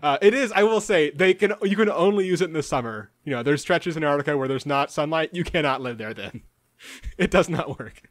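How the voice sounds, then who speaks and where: A man co-hosting a podcast, joking and chatty with quick asides. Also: fairly high pitch, animated, no echo. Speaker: podcast co-host. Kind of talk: casual podcast chat.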